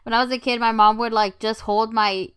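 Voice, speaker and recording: A woman co-hosting a comedy podcast, chatting casually with wry, deadpan asides. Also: on the high side, fairly quick, smooth, no room sound. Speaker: podcast co-host.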